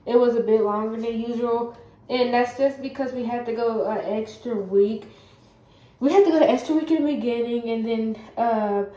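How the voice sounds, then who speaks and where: Woman vlogger, blocked-up nasal sound, warm low-key tone, loose chatty delivery full of restarts, roomy recording. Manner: rambling, many fillers and self-corrections; does her hair while talking. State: stuffy, congested. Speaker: vlogger giving work-from-home job advice. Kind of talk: casual chat to camera. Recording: echoey room.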